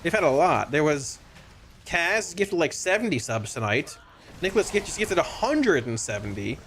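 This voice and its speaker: An excitable male streamer with a fairly high voice that swings up and down a lot, talking casually to his chat. He stumbles over his words and repeats phrases when worked up, and a faint hum of background noise sits under his voice. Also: moderate pace. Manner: excitable, stammering, repeats himself. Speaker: game streamer. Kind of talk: casual live-stream commentary.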